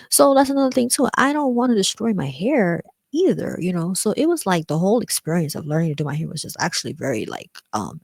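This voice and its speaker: A woman talking candidly about growing up, rambling with many fillers and acting out other people in a higher voice. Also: creaky, dry recording. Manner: rambling, frequent "like" and "um", acts out quoted voices higher. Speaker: vlogger. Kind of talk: personal reflective talk.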